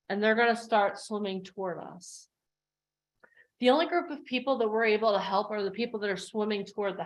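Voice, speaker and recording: A woman with a fairly high voice gives a motivational coaching talk over a video call. She tells stories with animated energy and acts out the voices of the people in them. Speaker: coach hosting an online workshop.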